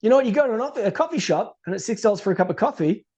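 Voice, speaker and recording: A man teaching business pricing to camera in a casual, animated way, acting out the people in his stories. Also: high voice, racing. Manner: animated storytelling, acts out quoted people. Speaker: business educator.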